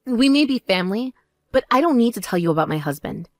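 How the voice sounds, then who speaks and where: A woman voicing a composed older sister who speaks in a calm, measured and cutting way. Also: no echo, close to an everyday voice. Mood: cool. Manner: measured, calm, lower and drier.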